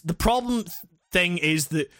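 A man who co-hosts and edits a podcast joins over a remote call, rambling, swearing and laughing through casual chat. His high voice has lively intonation, a measured pace and a slightly bright tone, with studio-quality sound and no room echo.

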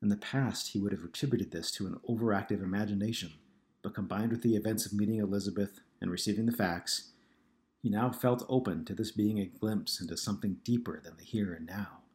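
A man reading a novel aloud in a steady, measured narration. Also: lowish voice. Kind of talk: scripted audiobook narration.

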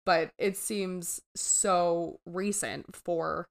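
A woman's voice: lowish voice, fairly even intonation, very slow, vocal fry. A woman co-hosting a podcast in casual chat, talking loosely with lots of fillers and frequent laughter. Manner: chatty, laughs often, many fillers. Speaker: podcast co-host.

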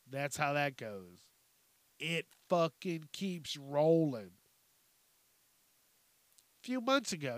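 Podcast host, young man, profane animated rant, slightly high voice, dry close sound. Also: dry recording. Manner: profane, animated ranting with mocking impressions. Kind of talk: casual ranting commentary.

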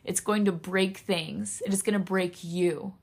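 A woman's voice: on the low side, fairly even intonation, unhurried, vocal fry, breathy edge. A woman hosting a solo podcast, speaking in a raw, candid way, emotional and close to tears, swearing freely. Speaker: podcast host.

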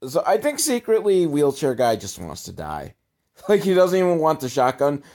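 A man hosting a sarcastic comedic movie recap, with wry, deadpan asides, casual swearing and chuckles. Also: fairly high pitch, normal speed. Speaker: show host recapping a film.

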